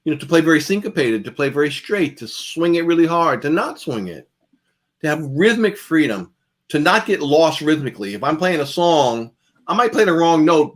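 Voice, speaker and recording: Leading a relaxed, conversational master class on guitar, this man shifts between loud and soft and repeats phrases to stress them. His voice is a little high.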